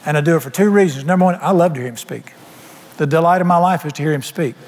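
A man's voice: fairly high pitch, quick pace, a little mellow. A man preaching a sermon in a church, folksy and humorous, with plain colloquial speech. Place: church sanctuary. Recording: long hall reverb, faint music.

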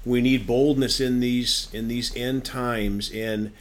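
A man's voice: medium pitch, steady tone, takes it slowly. Earnest male faith-show host. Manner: earnest, affirming with amens and praise. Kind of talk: faith talk show conversation.

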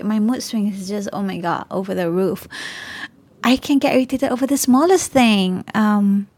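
A woman's voice: medium pitch, a little mellow, no echo. A woman in her thirties with a Malaysian accent, hosting a podcast and ranting candidly, swearing and laughing often. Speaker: podcast host.

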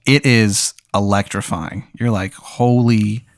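A man's voice: lowish voice, moderate pace, dry recording. A man co-hosting, narrating an improvised scenario in a laid-back, dry way. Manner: laid-back, dryly describes absurd events. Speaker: co-host telling an improvised scenario. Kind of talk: improvised storytelling banter.

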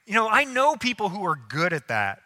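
A male pastor delivers a sermon, acting out the people in his stories with animated energy. His voice is strikingly bright and a touch high. It carries the long reverb of a large church hall. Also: normal speed.

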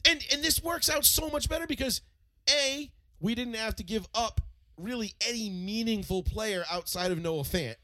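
A man in casual sports chat, telling stories with animated swearing and many restarts. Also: sits high, normal speed, no echo. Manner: animated, profane storytelling with lots of restarts.

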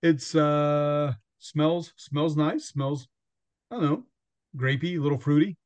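A man hosting a podcast talks slowly in a slightly high, slightly mellow voice, with no room sound. The chat is casual and rambling, full of laughter and quotes from himself and others.

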